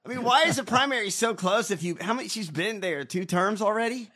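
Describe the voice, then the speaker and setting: A man's voice: high voice, animated, brisk, sharp tone. A man co-hosting a casual political chat, blunt and profane, mocking politicians. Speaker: podcast co-host.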